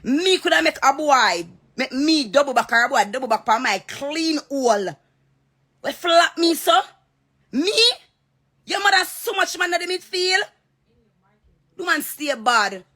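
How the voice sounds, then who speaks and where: Jamaican woman going off on a heated rant to camera, repeats herself a lot, bit high voice. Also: lively intonation, unhurried, long pauses, a bit bright. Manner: heated, repetitive and confrontational. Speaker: social media personality.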